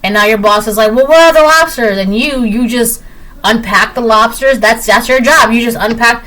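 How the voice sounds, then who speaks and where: A woman's voice: a little high, steady tone, normal speed, pushed and bright. A woman giving a collective tarot reading, talking straight to viewers in an emphatic, repetitive way. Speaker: tarot reader.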